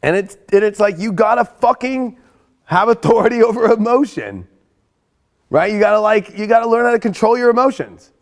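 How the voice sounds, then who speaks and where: Excitable profane man hosting astrology. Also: high-pitched, moderate pace. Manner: excitable, profane, swings between hyped and hushed. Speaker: astrology show host. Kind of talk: casual astrology forecast.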